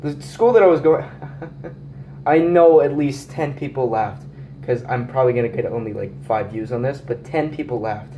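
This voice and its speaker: A man's voice: medium pitch, animated, brisk, warm tone. A teenage boy talking casually in a rambling, profane, jokey way, recording his own vlog. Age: teens. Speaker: vlogger. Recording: echoey room with faint noise.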